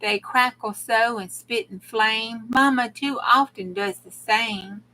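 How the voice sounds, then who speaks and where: A foolish little girl, as a woman reads her, gleeful and sing-song, in a bright, fairly high voice. She is delivered slowly, like a rhyme from an old storybook. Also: low-quality recording.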